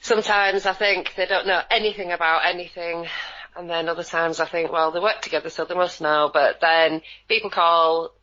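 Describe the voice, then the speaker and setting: A woman's voice: fairly low pitch, steady tone, normal speed, sharp tone, highs cut off. A woman co-hosting a radio chat, speaking in a wry, offhand way over a remote line. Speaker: co-host.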